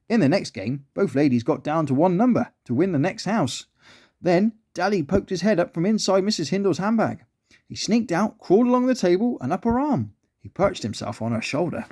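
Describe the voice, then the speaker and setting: A man reading a children's story aloud with an animated, expressive delivery. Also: fairly high pitch.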